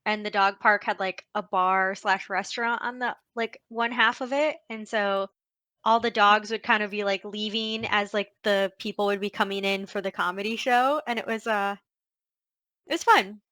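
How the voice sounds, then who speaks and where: A woman comedian talks on a podcast in an upbeat, chatty way, filling her speech with "like." Her voice is bright and crisp, and the sound is dry and close. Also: medium pitch, steady tone, moderate pace, no echo. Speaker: comedian guest. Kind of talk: casual chat on a video call.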